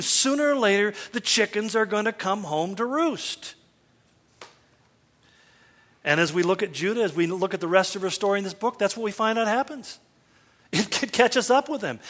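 A man's voice: sits high, fairly bright tone. A middle-aged man preaching a sermon, telling folksy, self-deprecating stories. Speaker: pastor. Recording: long hall reverb.

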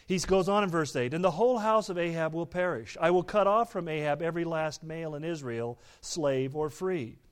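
A man preaching a sermon, reading scripture aloud and explaining it, turning dramatic and loud on the quoted speech. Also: a little high, a little fast, few pauses, clear, resonant tone.

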